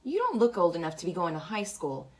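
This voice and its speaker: A snooty teenage girl who talks past people dismissively. A woman reads her lines in a low voice. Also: very animated, fast.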